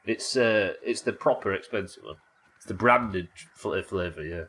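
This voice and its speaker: A man's voice: deep voice, moderate pace, a bit bright, breathy edge. A young British man streaming a game live, chatting casually, laughing often and swearing freely. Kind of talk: casual live gameplay chat.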